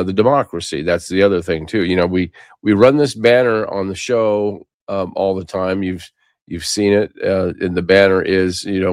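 A man's voice: low-pitched, darkish tone, no echo, studio quality. An older man hosting a talk show, giving a rambling political monologue with frequent restarts and repeated words.

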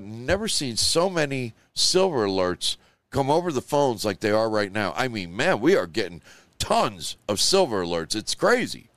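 This man hosts a live show with a mid-range, fairly bright voice, recorded with no echo. His monologue is loose, emotional, and rambling, leaning heavily on "you know" and "like."

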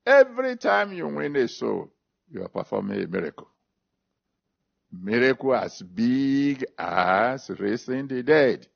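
A man's voice: medium pitch, lively intonation, slow pace, creaky, breathy edge. A man preaching a sermon, stressing and repeating scripture references, then leading an altar call and prayer. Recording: dull lo-fi recording.

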